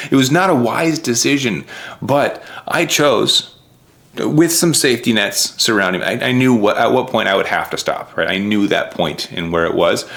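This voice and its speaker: A man's voice: mid-range voice, fairly bright tone. A man giving a heartfelt, earnest recap of his race that sometimes chokes with emotion. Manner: earnest, heartfelt, voice choking up at times. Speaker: vlogger.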